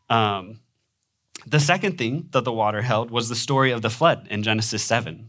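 A man's voice: lowish voice, fairly bright tone. Young midwestern guy preaching, kinda nasal, chatty with lots of ums and little laughs. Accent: Midwestern American. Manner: conversational, with frequent ums and small laughs. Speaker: pastor. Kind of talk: sermon.

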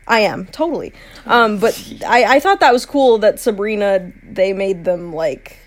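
A woman's voice: medium pitch, unhurried, a crowd in the background. A woman with a Midwestern American accent, co-hosting a podcast and chatting casually and talkatively. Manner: talkative, lots of likes. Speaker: podcast co-host. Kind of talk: casual chat.

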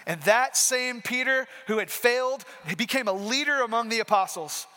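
High, bright-voiced preacher. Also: male voice, expressive, normal speed. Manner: emphatic, repeats key points. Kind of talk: sermon. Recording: reverberant hall.

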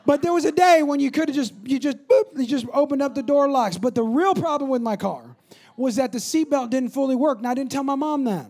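Man, pastor, very high voice, animated sermon storytelling, jokes with congregation. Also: brisk, hardly any pauses.

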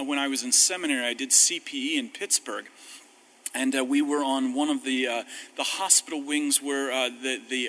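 A male pastor giving a conversational sermon with wry humor, slowing down when reading scripture. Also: mid-range voice, pushed and bright, low-quality recording. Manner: conversational, self-deprecating humor, slows on scripture.

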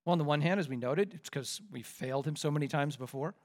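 A pastor delivers a sermon in a fairly high voice for a man. He keeps asking his listeners questions and leans hard into his key points with mounting force. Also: fast. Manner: rhetorical questions, rising to forceful emphasis.

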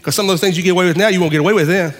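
A man with a high voice preaches a sermon, pausing for effect and swinging between loud and hushed delivery. His voice carries a long reverb from a church hall. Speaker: pastor.

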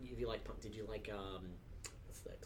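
A man's voice: lowish voice, steady tone, normal speed, a loud crowd. A man co-hosting a casual podcast chat, rambling and swearing freely, with lots of filler words. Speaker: podcast co-host.

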